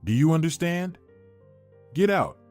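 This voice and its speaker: A man voicing a distraught young village woman, pitching up to plead and shout, over faint music. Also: big pitch swings, slow, breathy edge, exaggerated voice.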